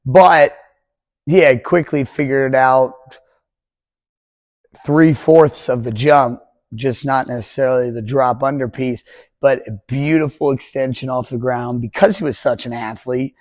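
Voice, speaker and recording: Twenty-something male coach, mid-pitched, chatty and jokey, dry room. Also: fairly even intonation, unhurried, darkish tone, no room sound. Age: 20s. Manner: rambling, conversational, jokey. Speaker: pole vault coach. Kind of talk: casual podcast talk.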